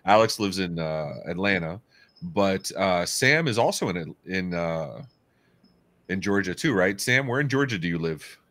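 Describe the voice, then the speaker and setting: A man hosting a casual talk show, with a deep voice and a loose, storytelling way of talking that mixes in swearing. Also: lively intonation, unhurried, a bit bright. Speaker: host. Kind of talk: casual chat.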